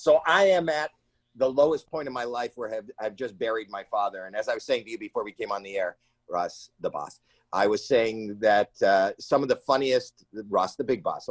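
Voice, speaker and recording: A comedian guest in an interview, telling stories in an animated way and acting out the people in them with sudden shrill cries. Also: male voice, no echo. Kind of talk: animated storytelling in a casual interview. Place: home.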